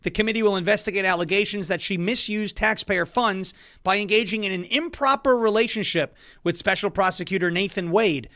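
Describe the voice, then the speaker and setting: A man hosting a casual political talk show, reading an ad and joking loudly in a mocking way. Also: high voice. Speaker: host.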